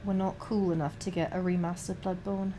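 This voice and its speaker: A woman's voice: lowish voice, level tone, a little fast, mellow, a little hiss or hum. A young adult woman streamer, chatting casually and rambling while painting miniatures, swearing a lot and restarting her sentences.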